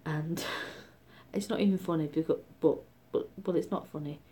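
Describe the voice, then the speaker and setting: Chatty woman with a low, mellow voice. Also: normal speed, slightly rough. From Britain. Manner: chatty, animated, often drops to a whisper. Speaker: vlogger. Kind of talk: casual storytelling.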